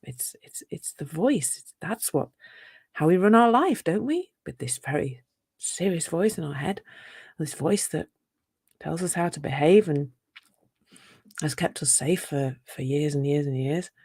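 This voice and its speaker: A woman's voice: sits low, animated, a little slow, a little mellow, breathy edge, no room sound, studio quality. A woman teaching on a live talk, chatty and playful, with rhetorical asides to her listeners. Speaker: self-compassion teacher.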